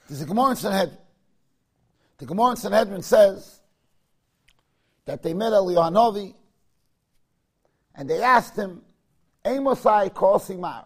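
A man's voice: sits high, slightly rough. A man with giving a Torah lecture, chanting verses and making joking asides. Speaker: Torah teacher.

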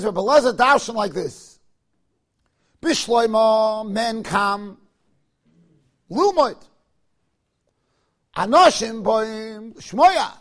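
Torah teacher, male, husky and fairly high, chants verses, jokes in asides. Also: bright, forceful tone. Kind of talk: Torah lecture.

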